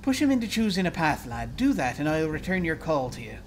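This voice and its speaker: A man's voice: on the high side, fast, a little hiss or hum, natural voice. A man voicing a sour, cryptic old midwife in a video game, scolding in old-fashioned phrasing over faint game music. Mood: stern. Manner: stern, scolding, archaic phrasing.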